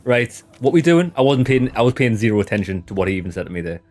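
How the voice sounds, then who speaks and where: A chatty man with a Sunderland accent does casual live commentary on a game. His pitch rises and falls a lot, and there is faint music behind him. He laughs easily while he talks. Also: big pitch swings, fast, a little mellow. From Northeast England. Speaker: streamer.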